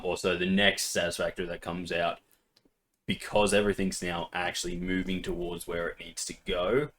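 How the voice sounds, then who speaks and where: A man's voice: deep voice, a little hiss or hum. A man co-hosting a casual podcast, retelling a game session with laughter, swearing and acted-out outbursts. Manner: animated storytelling, acts out his own outbursts with swearing and laughter. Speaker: podcast co-host. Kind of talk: casual chat.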